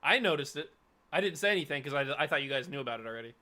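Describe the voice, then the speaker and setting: Reaction host, male, chatty and excitable, fairly high bright voice. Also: racing. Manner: chatty, talks straight to viewers by name. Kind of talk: live watch-party reaction chat.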